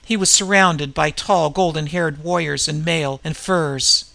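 A man narrating an adventure audiobook in a dramatic, measured way. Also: a little high, steady tone, creaky, pushed and bright, no echo.

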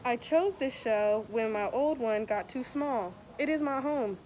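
A woman's voice: unhurried, darkish tone, slight background noise, natural voice, poor audio. A young woman voicing a small, polite male hermit crab in a children's picture book. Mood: explaining. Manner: squeaky storybook voice.

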